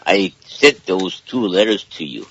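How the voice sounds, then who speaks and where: A man's voice: deep voice, animated, a little slow, a bit bright, breathy edge, dull audio. A man calling in to a talk radio show, explaining at length and checking in again and again with "okay?". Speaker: caller. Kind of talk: casual call-in talk.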